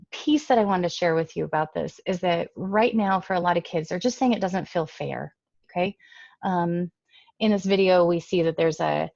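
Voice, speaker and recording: A woman speaks to parents in a casual, emphatic way through a computer mic. Her voice has a strong gravelly fry. The recording is dry and dull, with lo-fi computer audio. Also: fairly low pitch, a little mellow, no room sound. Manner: conversational, emphatic. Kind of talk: casual online talk.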